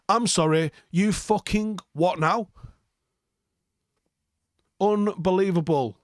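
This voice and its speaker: A man's voice: sits high, measured pace, no echo, studio quality. A young man, hosting a live football reaction stream, reading viewer comments and answering them bluntly with plenty of swearing and sarcasm.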